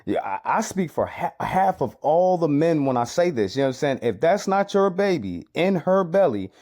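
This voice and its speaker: A man gives emphatic reaction commentary on a clip, his voice sitting slightly high. He repeats his points and leans on rhetorical questions. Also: very animated, normal speed, darkish tone.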